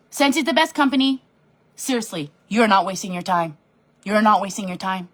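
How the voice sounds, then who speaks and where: A woman leading her sales team in a bubbly, animated live-stream pep talk from her home office desk, reading and answering comments as she goes. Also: medium pitch, fairly quick. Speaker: direct sales team leader.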